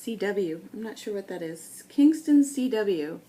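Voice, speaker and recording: A woman's voice: medium pitch, expressive, warm tone. A woman from New England who makes scrapbooking videos, talking casually and thinking aloud as she sorts old photos. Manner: thinking aloud, unhurried, with many ums. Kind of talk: casual talk while sorting photos.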